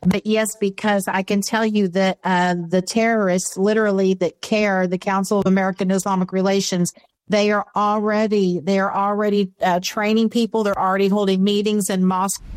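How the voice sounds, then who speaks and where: A woman guest on a radio call-in program speaks in an earnest, very even voice with little melody. Her pitch is mid for a woman. The sound is dry. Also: moderate pace, dry recording, low-quality recording. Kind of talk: radio interview.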